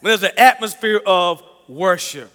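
A man delivers a sermon built around a personal story, speaking at normal speed in a high, bright, energetic voice. He repeats phrases and chuckles, and a long echo suggests a large church hall.

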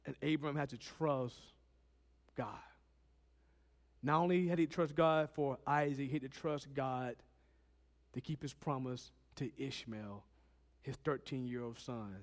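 A man preaching a sermon, swinging from loud, emphatic lines to quiet ones and acting out Bible characters. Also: medium pitch, measured pace, pauses often, long reverb tail.

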